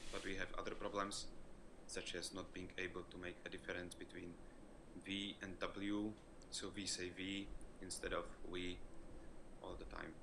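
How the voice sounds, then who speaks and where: Czech-accented man, very deep and gravelly, explaining carefully; noisy video recording. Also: level tone. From Czech Republic. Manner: deliberate, explanatory. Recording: noisy old online video.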